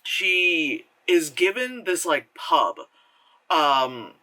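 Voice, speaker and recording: A man's voice: on the high side, very animated, very slow, pushed and bright, rough recording. An American man in pain, reviewing a movie in a rambling, sarcastic way, often interrupting himself and laughing. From United States.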